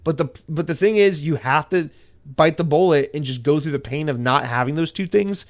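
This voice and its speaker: A man hosting a solo podcast, ranting in a profane, animated and opinionated way. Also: a little high, brisk. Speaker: podcast host.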